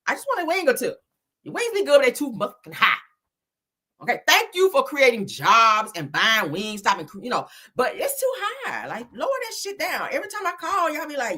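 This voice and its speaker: A woman commenting on celebrity news in a sassy, profane way, her voice bright and slightly husky. Her pitch jumps around a lot as she riffs. She talks loosely and casually, like she is chatting with friends. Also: sing-song, a little fast. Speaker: commentary host.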